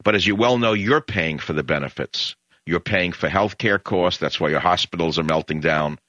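A man's voice: low-pitched, moderate pace, sharp tone, no echo. A man hosting a talk radio show, ranting in a combative, sarcastic way. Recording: dull lo-fi radio broadcast.

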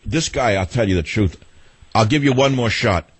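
A man's voice: fairly low pitch, moderate pace, husky, no echo. A middle-aged man hosting a talk radio show, combative and sardonic, rambling between arguing with callers and monologue.

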